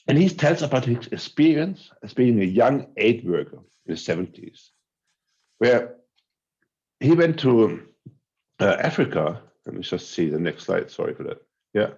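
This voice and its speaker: A man speaking as a gives a talk over a video call in a relaxed, conversational way. He hesitates and restarts often. His pitch sits in a middle range, and the audio sounds dull and lo-fi. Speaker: conference speaker. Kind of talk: online conference talk.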